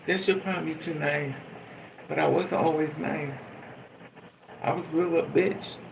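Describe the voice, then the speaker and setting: Gravelly guy venting raw and profane, lots of noise going on behind him. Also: medium pitch. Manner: blunt, profane, emotional venting. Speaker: vlogger. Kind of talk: raw personal monologue.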